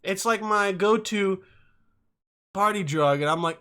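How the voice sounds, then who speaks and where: A young man hosting a podcast, telling comic stories in an animated, profane, rambling way. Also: sits high, unhurried, smooth. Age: young adult. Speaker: podcast host. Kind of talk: casual comic storytelling.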